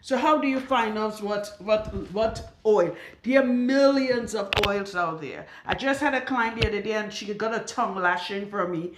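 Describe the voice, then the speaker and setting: A woman's voice: medium pitch, normal speed, few pauses, a little hiss or hum. A woman loctician talking bluntly and emphatically to camera while working on a client in her salon. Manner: blunt and outspoken; emphatic, with rhetorical questions. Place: her salon room with a radiator. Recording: roomy echo.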